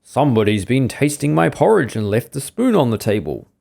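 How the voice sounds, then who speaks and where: A man growling as a big gruff father bear. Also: mid-range voice, sing-song, fairly quick, a little mellow. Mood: grumbling.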